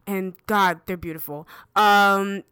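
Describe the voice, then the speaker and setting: Woman, podcast co-host, chatty, giggly, casual recap, middle pitch. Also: fairly even intonation, slow pace, sharp tone, clean tone. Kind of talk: casual chat.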